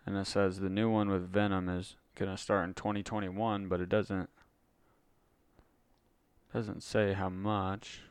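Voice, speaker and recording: A man's voice: sits low, little pitch movement, unhurried, pauses often, clean tone, dry recording. A man co-hosting a casual podcast, reading out news and stats in a laid-back way. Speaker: podcast co-host. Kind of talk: casual chat.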